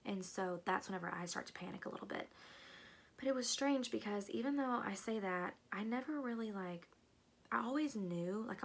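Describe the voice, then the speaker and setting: A young woman tells a personal story in a casual, chatty vlog. She leans heavily on "like" as a filler and often drops into hushed asides. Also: medium pitch, creaky, husky. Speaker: vlogger.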